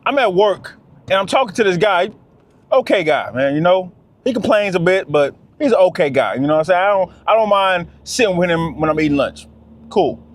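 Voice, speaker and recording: A man delivers a fired-up monologue to camera. His voice sits high for a man, and he hammers his points home again and again, calling out to his listeners as fellas. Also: animated, brisk. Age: 30s. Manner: preachy, repetitive, talks straight to "fellas". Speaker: vlogger.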